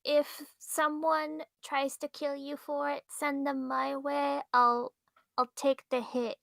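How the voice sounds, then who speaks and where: Woman, high and unhurried, dry close sound, joking tabletop player doing the recap. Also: flat delivery, creaky, fairly bright tone, no echo. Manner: laid-back, playful, jokey. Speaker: player giving the session recap. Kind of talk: casual tabletop game chat.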